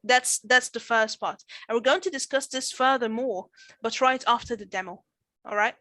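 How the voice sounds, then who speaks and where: A woman's voice: fairly high pitch, normal speed, pushed and bright, no echo. A woman teaching a grammar class over a video call, encouraging and full of "all right"s. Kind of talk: online class, leading a grammar demo.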